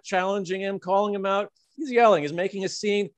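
A man with a fairly high voice tells a story in a casual podcast chat. He rambles, stacking "like" and "uh" as he goes. The sound is dry and close to the mic. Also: a little fast, hardly any pauses, no room sound. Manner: rambling, filler-heavy anecdote telling with frequent "like" and "uh". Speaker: podcast co-host.

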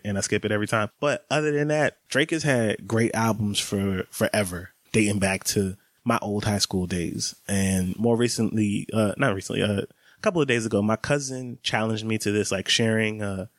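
Casual male vlogger, late twenties, lowish voice, conversational and warm-humored, dry close recording. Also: dry recording. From American South. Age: 20s. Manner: chatty, laughs while talking. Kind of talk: casual vlog monologue.

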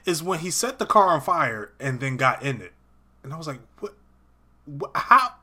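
A man hosting a casual podcast, talking slowly and laughing often. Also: medium pitch, expressive, sharp tone, slightly rough. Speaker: podcast host. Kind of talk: casual chat.

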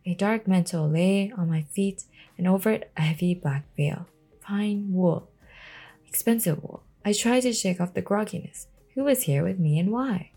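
A woman reading a novel aloud in a casual bedtime style. Her voice is gravelly and husky, at a middle pitch. She trips over words and restarts often. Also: moderate pace, dark tone, faint music behind. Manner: reads with frequent stumbles and restarts.

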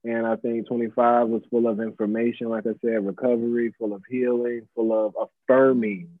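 His mid-range voice shows little pitch movement and moves fairly quickly. A pop-up shop organizer in his mid-twenties, he's a guest in a casual interview, reflective and laid-back with many fillers. The recording is dry and tinny, like a phone line.

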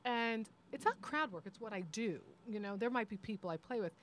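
A woman comedian telling stories in a casual chat, animated and acting out the people she quotes. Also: medium pitch, fairly quick, slight background noise. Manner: animated, acts out quoted voices. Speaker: comedian guest.

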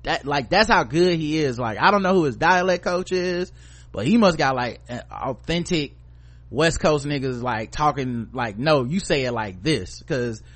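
A man's voice: fairly high pitch, normal speed, a bit bright. Blunt, profane male podcast host. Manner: blunt, profane, opinionated commentary. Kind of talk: casual chat.

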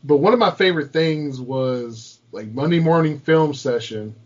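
A man's voice: on the high side, normal speed, muffled recording. A man co-hosting a casual sports podcast, talking bluntly and profanely and often repeating words. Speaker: podcast co-host.

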